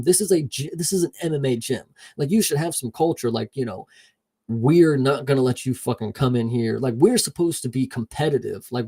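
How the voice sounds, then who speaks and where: A young man chats through a show recap on a podcast, his voice warm and mellow. He gets animated and profane, jumping into quick put-on voices to act out scenes. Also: mid-range voice, husky. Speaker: podcast co-host. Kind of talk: casual show recap chat.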